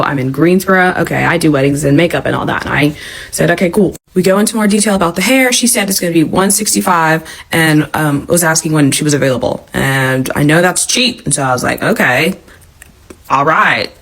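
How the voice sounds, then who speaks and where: A young woman vlogger telling a storytime in an animated, exasperated way, swearing as she goes. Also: sits low. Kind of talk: storytime vlog.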